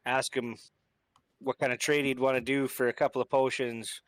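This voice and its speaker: A man's voice: medium pitch, level tone, normal speed, dry recording, low-quality recording. A man playing a tabletop game in an easygoing way, talking things through with the group. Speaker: player.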